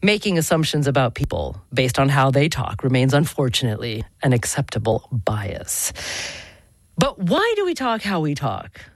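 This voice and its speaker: A woman hosting a public radio talk show, speaking in a measured, articulate way with light laughter. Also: sits low, dry recording.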